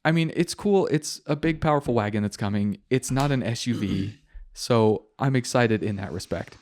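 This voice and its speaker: A man's voice: medium pitch, normal speed, darkish tone. A man hosting a casual car podcast, joking and slipping into mock voices. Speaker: podcast host. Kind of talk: casual chat.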